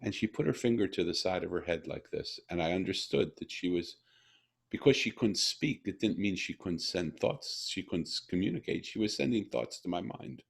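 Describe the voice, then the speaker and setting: A middle-aged podcast host speaks in a low, gravelly, husky voice that is expressive and moderately paced. In this heartfelt interview he tells stories earnestly and emotionally, often going back to restart a sentence.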